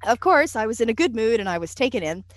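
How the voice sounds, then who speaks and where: Lively woman telling stories. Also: fairly high pitch, quick pace, no room sound. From United States. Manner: lively, self-deprecating storyteller with frequent "uh" and "you know". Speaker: interview guest. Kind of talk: conversational storytelling.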